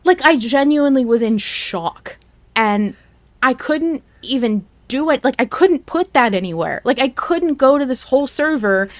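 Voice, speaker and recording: Animated woman podcast host, dry sound. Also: high voice, normal speed, dry recording. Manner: animated, exclaiming, laughing often. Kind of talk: excited casual chat.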